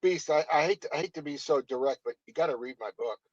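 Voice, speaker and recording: A man's voice: a little high, fast talker, husky, dry recording. Stammering guest man from New York. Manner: stammering, eager, respectful. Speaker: guest author. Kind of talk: casual talk show chat. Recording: dry, dull lo-fi audio.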